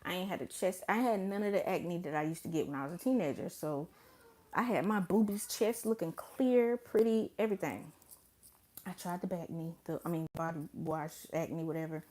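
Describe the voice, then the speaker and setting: Young woman ranting on her vlog, kinda low voice, blunt and cussing, acts out the quotes big. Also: normal speed. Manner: animated, blunt and profane, with dramatic quoted asides. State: pregnant. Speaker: vlogger. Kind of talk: casual storytime vlog.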